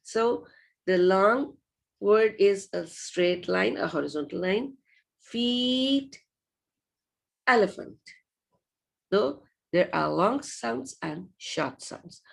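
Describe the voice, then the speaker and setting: A woman's voice: mid-range voice, vocal fry, fairly bright tone. A woman teaching an online phonics lesson to young children, patient and sing-song, repeating each word several times and checking in with rising questions. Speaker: early years teacher.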